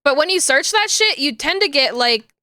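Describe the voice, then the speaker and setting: A woman's voice: high voice, animated, moderate pace, bright, forceful tone, no echo, clean studio sound. A woman streamer chatting casually with viewers, rambling along with lots of fillers and restarts.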